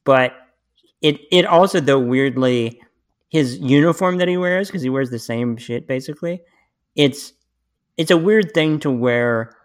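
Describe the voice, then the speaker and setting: A man's voice: mid-range voice, a little slow. A man hosting a podcast in casual chat, rambling with restarts and swearing freely. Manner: profane, rambling, frequent restarts. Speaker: podcast host.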